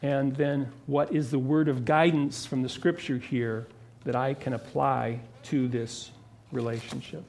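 A man preaching a sermon as pastor, earnest and emphatic, who drops into a lowered, quiet voice when he prays. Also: fairly even intonation, a little slow, creaky, a little hiss or hum.

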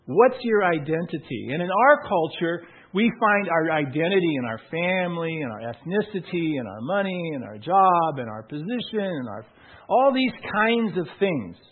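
A man preaching a sermon in a conversational, storytelling way, full of restarts, then reading scripture slowly and deliberately. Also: fairly high pitch, sing-song, husky. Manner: conversational storytelling with many restarts and acted quotes. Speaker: pastor. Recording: tinny phone-like sound.

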